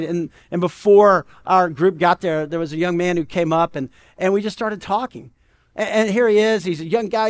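A male pastor preaching a conversational sermon, telling stories and often asking "right?". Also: sits high. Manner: conversational, animated storytelling with frequent "right?".

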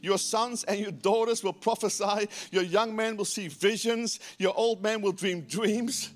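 A man preaching a lively sermon as pastor, acting out quoted voices with emphasis. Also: sits high, a little slow.

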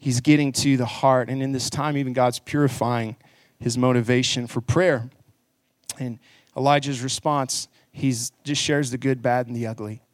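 A man preaching to a church congregation. His delivery is earnest and conversational, and it builds into emphatic stretches. His voice sits at a middle pitch, and it is recorded close and dry. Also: steady tone, normal speed, no room sound. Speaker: pastor. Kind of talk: sermon.

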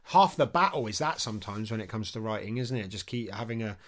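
Man podcast co-host, enthusiastic and lively, lots of laughs. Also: on the low side, fast talker. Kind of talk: casual chat.

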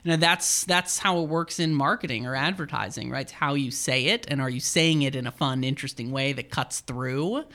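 A man co-hosting a casual conversation, explaining his points in a brisk, lively way. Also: mid-range voice. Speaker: podcast co-host.

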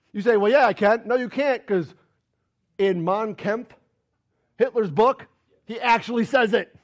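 Emphatic preacher man, high lively voice. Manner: emphatic, argumentative, rhetorical questions. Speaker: pastor. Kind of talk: sermon.

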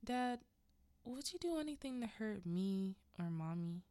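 A timid little boy asks hesitant questions in a raised, childlike pitch, as a woman puts him on. The sound is dry and close. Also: expressive, a little slow, dark tone, clean tone, no room sound, close to an everyday voice. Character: small, timid young boy.

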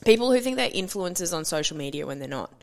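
A woman's voice: on the low side, big pitch swings, fast talker, a little mellow. A young Australian woman co-hosting a podcast, chatting casually and animatedly, swearing and laughing often. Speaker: podcast co-host. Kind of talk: casual chat.

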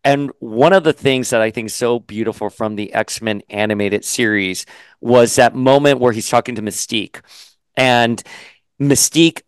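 Smooth, dry-voiced male host. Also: medium pitch, normal speed, no echo. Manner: animated, swears, does mocking voices. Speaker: interview host. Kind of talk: casual video-call interview.

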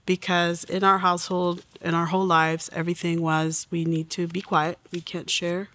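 Adult, forties, earnest faith testimony, acts out quoted lines, mid pitch, dry close sound. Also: flat delivery, moderate pace, pushed and bright, no room sound. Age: 40s. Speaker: testimony guest.

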